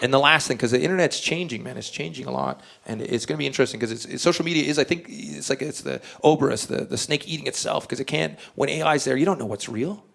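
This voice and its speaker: A man's voice: mid-range voice, fast, creaky, few pauses, fairly bright tone. A man doing brash, crude stand-up comedy and improvised songs with the crowd at a live venue.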